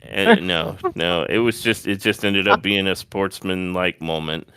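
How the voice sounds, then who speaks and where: A man with a low, smooth voice walks through a wrestling match move by move in casual podcast chat. He breaks off for animated asides. The sound is dry and close to the mic. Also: a little slow, dry recording. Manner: detailed play-by-play retelling, animated asides. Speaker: podcast co-host.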